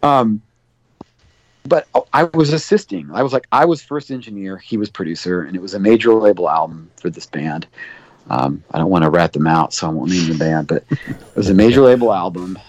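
A man's voice: deep voice, animated, fairly quick, a little mellow, no echo. A man guesting on an interview show, telling long rambling stories full of fillers and acting out quoted dialogue. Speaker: guest, record producer. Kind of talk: casual interview storytelling. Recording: dull lo-fi dry sound.

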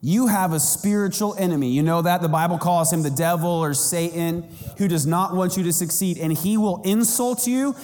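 A man preaching a sermon as pastor, animated and self-mocking, with big jumps in pitch. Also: brisk, hardly any pauses, in a large hall. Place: church sanctuary.

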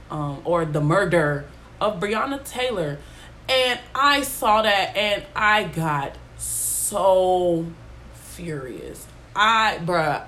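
A young woman talks off the cuff, blunt and rambling, her pitch swinging widely from low mutters to sharp highs. A faint hiss of noise sits under the recording. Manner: blunt, rambling, goes on tangents. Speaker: podcast host. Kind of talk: casual monologue.

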